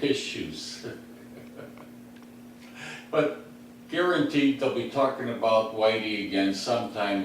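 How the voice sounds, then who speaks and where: A man from the west side of Chicago, hosting a comedy podcast from his recliner at home. He tells rambling street stories with many fillers and chuckles to himself. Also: lowish voice. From west side of Chicago, USA. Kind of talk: rambling comic storytelling. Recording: very echoey room, mic at a distance, faint hum.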